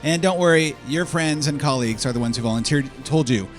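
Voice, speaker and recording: A man hosting a live stage event, calling names and directing a game with energetic, joking instructions. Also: a little high, a little fast, few pauses, soft background music. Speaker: host. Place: convention stage before a live audience.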